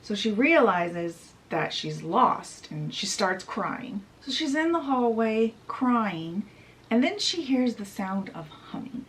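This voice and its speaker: Lively, chatty woman retelling a story. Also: mid-range voice, takes it slowly, poor audio. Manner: chatty, animated retelling with asides. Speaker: book reviewer. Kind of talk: casual storytelling summary.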